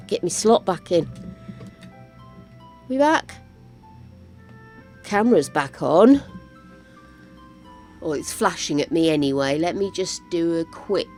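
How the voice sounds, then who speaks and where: Older female streamer, chatty and excitable, unhurried delivery, faint music behind. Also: fairly low pitch. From United Kingdom. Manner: chatty, talks to viewers, easily excited. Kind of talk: casual live-stream chat while gaming.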